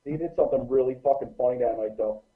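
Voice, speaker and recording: A man guesting on a podcast, telling a profane, animated anecdote in a casual way. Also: medium pitch, fast. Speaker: guest musician. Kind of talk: casual storytelling. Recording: tinny phone-like line.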